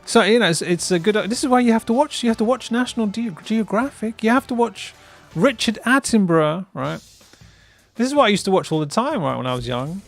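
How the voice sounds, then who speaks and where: A man's voice: high voice, lively intonation, a little fast. A man hosting a live stream in casual chat, rambling and laughing often, tagging lines with "right?" and "bruv". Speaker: streamer host.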